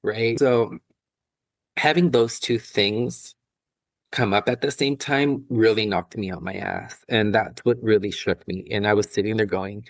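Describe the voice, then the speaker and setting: A man's voice: lowish voice, fairly even intonation, measured pace, vocal fry, dry recording. A male author guest from San Diego speaking openly and candidly about his life, laughing now and then. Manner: open, candid, laughs often. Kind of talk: candid personal storytelling.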